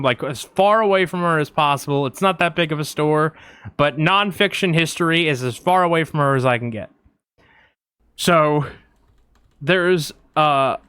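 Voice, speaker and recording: A man with a fairly high, smooth and resonant voice tells a rambling story in casual podcast chat. He talks with many fillers and quick asides into a close mic. The sound is dry, with no room around it. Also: fairly bright tone, no room sound. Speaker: podcast co-host.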